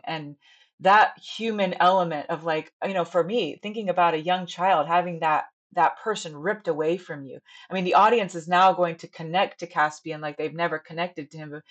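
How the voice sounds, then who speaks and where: A woman in her thirties, a stage director and actress, talking in a chatty, earnest way during a casual podcast interview. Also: on the low side.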